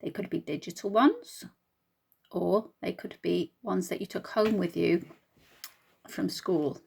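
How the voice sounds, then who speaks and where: A woman teacher giving a recorded reading lesson to young children, speaking slowly and clearly in an encouraging way and asking them questions. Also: lowish voice, darkish tone. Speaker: primary school teacher.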